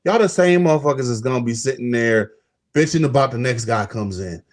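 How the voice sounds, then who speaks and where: A young man co-hosting a casual sports talk stream, animated and profane, acting out quotes as he talks. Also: a little fast, a crowd in the background. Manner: animated, profane, acts out quotes with big pitch jumps. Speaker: podcast co-host.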